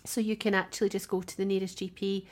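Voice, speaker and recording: A woman's voice: medium pitch, flat delivery, fast. A woman co-hosting a podcast in casual chat, talkative, laughing often and restarting her sentences. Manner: chatty, warm-hearted, laughs often, many restarts. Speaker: podcast co-host. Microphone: remote call.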